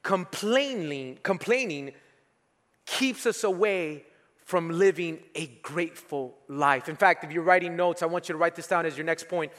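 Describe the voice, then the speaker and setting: A man's voice: fairly high pitch, fairly even intonation, normal speed, fairly bright tone, in a large hall. A man preaching a sermon as pastor, emphatic, repeating key phrases and leading the congregation to respond.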